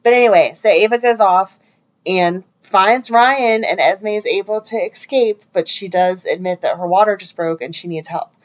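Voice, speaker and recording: A woman's voice: mid-range voice, normal speed. A woman co-hosting a fan podcast, chatting casually as she retells the plot step by step. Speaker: podcast co-host. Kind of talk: casual recap chat. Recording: dull lo-fi podcast audio.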